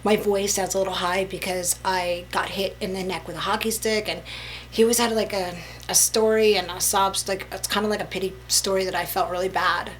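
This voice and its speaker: A woman telling a personal story to camera in a casual storytime vlog, chatty and animated, full of "like" and "you know". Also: medium pitch, brisk, a little hiss or hum, low-quality recording. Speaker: vlogger.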